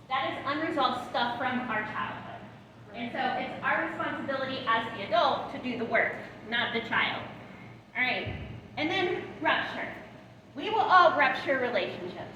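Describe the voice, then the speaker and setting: An animated woman in her thirties leads a parenting training, with a high voice that keeps checking in with her listeners. She is picked up from a distance in a big, reverberant hall. A steady background noise sits under her voice. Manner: animated, checks in with the audience often. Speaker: parenting educator. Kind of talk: live training talk to caregivers.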